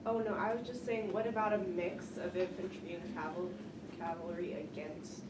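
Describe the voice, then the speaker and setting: A woman's voice: fairly low pitch, steady tone, moderate pace. A woman student asking a question in a classroom. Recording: distant echoey classroom, loud hiss.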